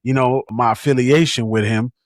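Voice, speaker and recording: A man's voice: mid-range voice, steady tone, normal speed, dry recording, studio quality. A man co-hosting a podcast, talking about a book in a laid-back, slangy, joking way. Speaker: podcast co-host. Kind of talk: casual book review chat.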